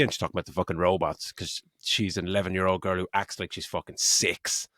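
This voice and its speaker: A man's voice: deep voice, fairly even intonation, fast, hardly any pauses, a bit bright, dry recording, clean studio sound. A middle-aged man co-hosting a casual film review podcast, swearing a lot and mocking the plot with frequent laughs. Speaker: podcast co-host.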